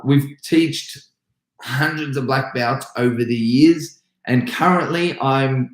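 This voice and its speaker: A man's voice: medium pitch, echoey room, poor audio. An Australian man, a karate instructor hosting a live stream, answering viewers' comments in an upbeat, chatty way full of restarts.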